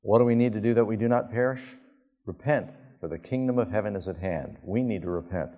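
A male pastor preaching a sermon, telling the story emphatically and with sudden rises in pitch. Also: brisk, mellow. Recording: long hall reverb.

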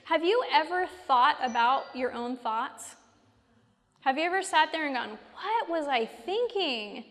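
A woman with a high voice leads a faith-based class in a casual, conversational way, asking her listeners question after question. Her words ring out with a long reverb, as if spoken in a large hall. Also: fairly bright tone. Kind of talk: faith-based teaching talk.

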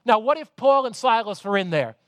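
Man, preacher, high voice, dramatic sermon, loud to hushed, dry close sound. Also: animated, a little fast, no room sound.

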